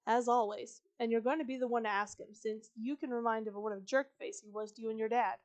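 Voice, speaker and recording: A woman's voice: fairly high pitch, fairly even intonation, fast, natural voice. A woman reading a storybook aloud voices a blunt teenage boy who speaks firmly and lectures a little. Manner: firm, lecturing.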